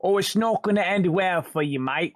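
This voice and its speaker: A man's voice: sits high, normal speed, no echo, clean studio sound, pitched above the performer's own voice, natural voice. A man voicing his cocky adventurer character in a tabletop game, taunting with bravado. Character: cocky male British-sounding adventurer.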